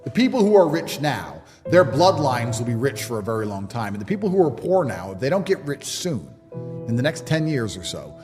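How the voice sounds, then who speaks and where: A man's voice: mid-range voice, big pitch swings, a little fast. A man, delivering a blunt, emphatic motivational monologue as a podcast guest. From England. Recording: long reverb with music underneath.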